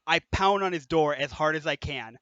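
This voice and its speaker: A young man hosts a casual podcast chat, telling animated college stories and laughing through them. His voice is bright and sits a bit high. The sound is dry and slightly dull, like a cheap mic. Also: moderate pace, no echo. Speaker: podcast host.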